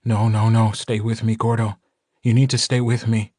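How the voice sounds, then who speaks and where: A man's voice: lowish voice, flat delivery, moderate pace, warm tone, no echo, natural voice. A male audiobook narrator voicing a protective young werewolf alpha comforting his wounded mate. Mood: soothing. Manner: soothing, protective.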